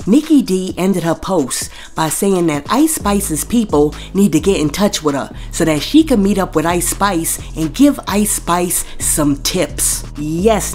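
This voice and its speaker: Woman, gossip commentary host, slightly low pitch, talks to viewers directly, faint background music. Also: darkish tone. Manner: reads posts aloud, spelling out censored swear words; chatty, addresses viewers directly.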